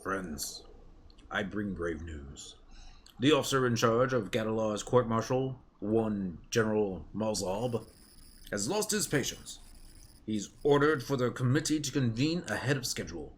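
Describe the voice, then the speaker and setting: A man voicing a grim, stern male soldier, gruff and slow, delivering grave news while reading game dialogue aloud. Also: lively intonation. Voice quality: gruff low voice.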